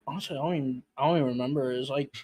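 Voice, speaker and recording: A man's voice: medium pitch, rapid-fire, warm tone. A young man in casual stream chat, easygoing and teasing.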